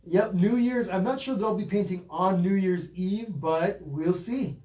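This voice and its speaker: Man, middle-aged, live painting teacher, chatty and relaxed, slightly high voice. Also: a little slow. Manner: relaxed, chatty, reads out viewer comments. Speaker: painting instructor. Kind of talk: live online painting lesson.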